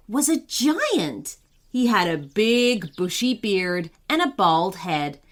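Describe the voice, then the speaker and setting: Expressieve vertelster van een slaapverhaal. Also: female voice, medium pitch. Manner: expressive, storybook reading. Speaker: storyteller. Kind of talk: scripted bedtime story narration.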